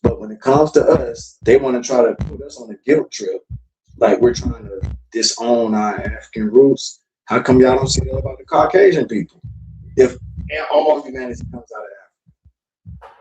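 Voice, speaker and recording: A man's voice: medium pitch, lively intonation, normal speed, mellow. A man from South Florida hosting a casual livestream talk, lecturing bluntly and with profanity to his chat. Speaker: podcast host. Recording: echoey room with faint noise.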